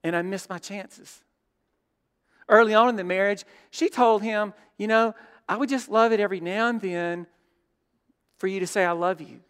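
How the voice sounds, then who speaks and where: A man preaching a sermon as pastor, telling stories and dropping from loud to hushed. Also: sits high, fairly even intonation, normal speed, smooth. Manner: storytelling, shifts between loud and hushed. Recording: long hall reverb.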